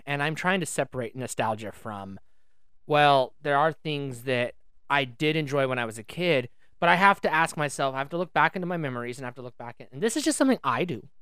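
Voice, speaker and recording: A chatty woman co-hosting a podcast who rambles and restarts her sentences. Her voice swings widely in pitch and sounds smooth and clear. The recording is dry and close to the mic. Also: lively intonation, a little fast, fairly bright tone, dry recording. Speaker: podcast co-host. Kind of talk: casual podcast chat. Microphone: studio microphone.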